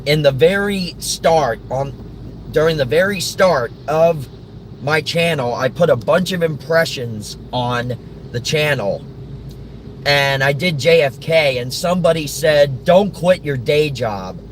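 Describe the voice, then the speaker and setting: A man's voice: on the high side, measured pace, slight background noise. A man vlogging from his car in a casual, rambling monologue, often chuckling.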